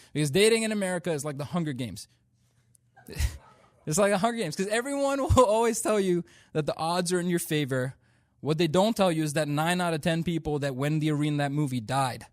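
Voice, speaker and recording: A man's voice: a little high, dry recording, studio quality. A young man from India performing a stand-up comedy routine, telling stories in a playful, self-deprecating way.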